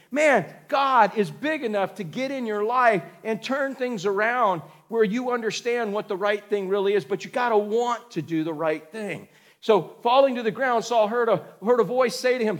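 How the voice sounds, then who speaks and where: A pastor in middle age delivers a sermon with a high-sitting voice, folksy and animated, acting out scenes, breaking into sudden shouts and addressing listeners as "man" and "dude."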